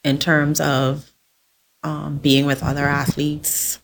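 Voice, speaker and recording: Low-voiced woman, chatty. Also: level tone, slow pace, gravelly. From The Bahamas. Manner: chatty storyteller, laughs often. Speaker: podcast guest, sports volunteer. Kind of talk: casual chat.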